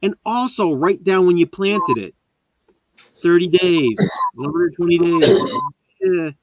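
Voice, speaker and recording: A man's voice: high voice, unhurried, very noisy. Man chatting on a lo-fi live stream. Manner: enthusiastic, rambling show-and-tell. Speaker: host. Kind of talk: casual live-stream chat. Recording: dull lo-fi sound.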